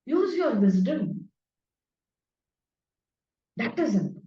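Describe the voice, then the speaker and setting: A woman's voice: fairly high pitch, big pitch swings, slow pace, warm tone. A woman, earnestly explaining scripture to a class and tossing in tag questions like "no?". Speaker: spiritual teacher. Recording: roomy, distant, dull-sounding.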